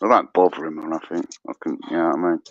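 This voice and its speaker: A middle-aged man on a phone call, talking casually in a rambling, halting way, full of fillers and swearing. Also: rumbling low, fairly even intonation, no room sound. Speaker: guest caller. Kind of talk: casual chat.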